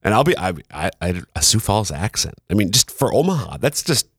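Deep-voiced middle-aged man, casual co-host. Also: sing-song, a bit bright, breathy edge, no room sound, studio quality. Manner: playful, laughing, halting with fillers. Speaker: podcast co-host. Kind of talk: casual chat.

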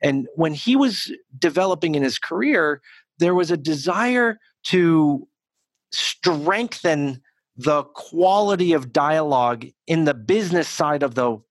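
Animated man with a fairly high voice. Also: a little slow, dry recording. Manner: animated, self-correcting restarts. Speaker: executive communication coach, guest. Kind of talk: conversational interview answers.

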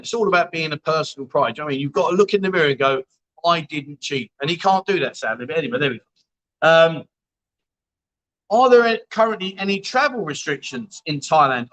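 A man's voice: a little high, fairly bright tone, low-quality recording. A man hosting a casual livestream, reading out viewer comments with blunt, jokey banter and the odd swear word. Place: bar venue.

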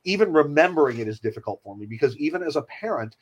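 A middle-aged man, a children's surgeon, speaking in an earnest, measured and reassuring way in a conversation. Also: a little high, expressive, husky, highs cut off. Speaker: pediatric surgeon. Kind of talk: podcast conversation.

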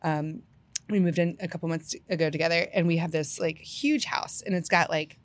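A woman telling a personal story in a casual podcast chat, animated and full of "like" fillers, laughing often. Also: sits low, normal speed.

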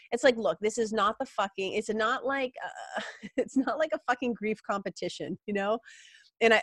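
A woman's voice: mid-range voice, no room sound, clean studio sound. A middle-aged woman, a yoga teacher, talking candidly and emotionally in a rambling personal monologue, with casual swearing. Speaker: yoga teacher and podcast host.

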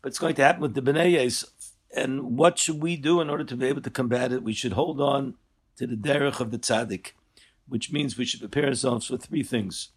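An older man giving an earnest Torah lesson, rising sharply in pitch and volume when he stresses a point. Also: brisk, husky. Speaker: rabbi teaching a Torah class.

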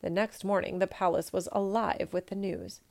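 Gentle woman reading a storybook. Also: mid-range voice, fairly even intonation, normal speed, creaky. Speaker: storybook reader. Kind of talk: storybook read-aloud.

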